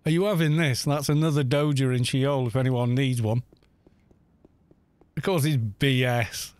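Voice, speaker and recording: A man's voice: mid-range voice, steady tone, measured pace, a little mellow, clear, resonant tone. A British man in his thirties chatting casually on a live game stream, telling stories and laughing often. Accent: British English. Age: 30s. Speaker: gaming streamer. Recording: faint music behind.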